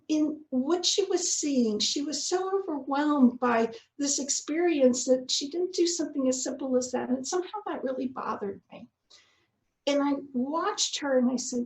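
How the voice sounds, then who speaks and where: Woman, faith testimony, gravelly fry, fairly high pitch, roomy echo. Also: a little mellow. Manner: earnest, heartfelt storytelling. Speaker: guest speaker.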